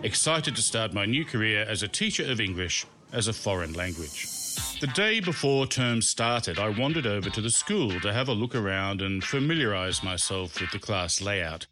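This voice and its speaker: A man's voice: lowish voice, very animated, moderate pace, music in the background. A man hosting and narrating his own comic memoir in a wry, self-mocking storytelling manner. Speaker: podcast host and narrator.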